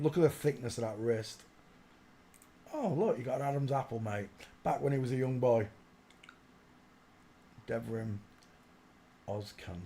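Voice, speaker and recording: A man with an ordinary mid-range voice talks his way through an image search on a casual livestream. He drops to quiet mutters as he clicks around, then jumps into loud, laughing outbursts. A faint background hum runs under the talk. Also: medium pitch. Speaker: livestream host.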